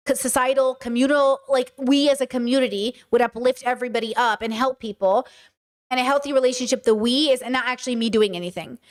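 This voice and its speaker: High-voiced woman giving emphatic commentary. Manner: emphatic, repeats words for effect. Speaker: podcast host reacting to clips. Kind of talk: casual commentary.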